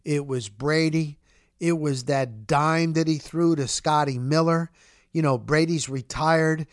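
A man's voice: a little high, steady tone, a little slow, dry recording, clean studio sound. A man hosting a casual sports talk show, rambling and repeating words for emphasis. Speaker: sports podcast host.

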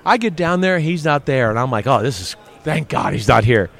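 A man's voice: a little fast, gravelly. A middle-aged man, a former football player, telling stories as a guest in a casual interview and acting out quotes with big swings in his voice. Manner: animated, acts out quotes with big pitch swings.

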